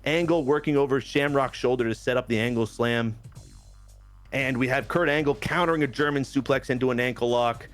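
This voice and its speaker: A man's voice: medium pitch, brisk, faint music behind. Man recapping game matches, getting over a cold. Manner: lively play-by-play recap with asides. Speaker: game player and general manager. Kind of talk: casual narration of a game storyline.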